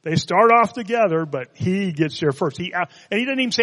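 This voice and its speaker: A man's voice: high voice, animated, a little fast, few pauses, fairly bright tone, big-room sound. A man preaching a sermon, reading scripture and adding conversational, joking asides. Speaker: pastor.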